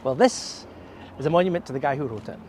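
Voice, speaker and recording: A Scottish man with a notably high voice leads a walking tour outdoors, chatting and telling stories as he points things out. He talks among old tombs in a city. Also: expressive, darkish tone, slight background noise. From Scotland. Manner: chatty, storytelling, quick laughs. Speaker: tour guide.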